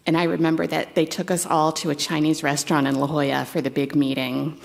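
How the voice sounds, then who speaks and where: A woman in her fifties speaks at a memorial in a low, heavily gravelly voice with lots of vocal fry. Her talk is halting and conversational, with fond, wry asides. She sounds like a stepdaughter remembering her stepdad. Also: level tone. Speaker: stepdaughter giving a eulogy. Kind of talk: memorial eulogy.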